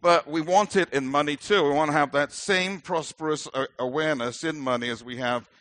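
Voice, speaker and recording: A man's voice: on the high side, brisk, fairly bright tone. A middle-aged man with a British accent preaching a sermon as a minister, earnest and emphatic with light self-deprecating humor.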